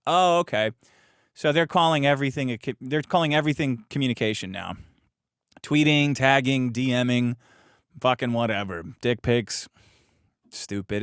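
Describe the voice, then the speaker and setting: A man's voice: mid-range voice, a bit bright, no echo, studio quality. A man hosting a show, reading legal documents aloud and breaking off into profane, sarcastic rants and mocking asides. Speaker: podcast host.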